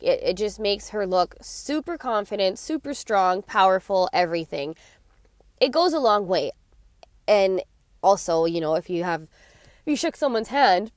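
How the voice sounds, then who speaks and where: A woman's voice: medium pitch, darkish tone, no room sound, studio quality. A young woman talking casually about confidence, chatty, laughing often and acting out little scenes in quoted voices. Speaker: vlogger giving confidence advice. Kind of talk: casual talk to camera.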